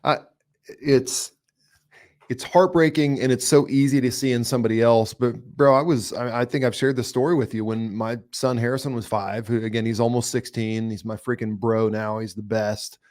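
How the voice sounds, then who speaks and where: A man's voice: mid-range voice, fairly even intonation, moderate pace, a little mellow. Earnest man hosting a podcast. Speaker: podcast host. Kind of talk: casual conversation.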